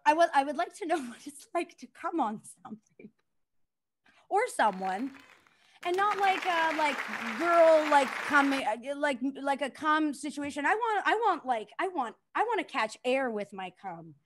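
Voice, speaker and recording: A woman's voice: sits high, expressive, normal speed. A young woman doing a crude stand-up comedy set, self-deprecating, laughing at her own jokes and talking to the crowd.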